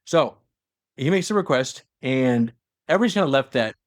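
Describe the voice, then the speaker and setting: A man's voice: mid-range voice, animated, dry recording. Give me a young man rambling through a story recap in casual chat, dry and close. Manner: rambling, loose, with fillers and quick asides. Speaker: podcast co-host.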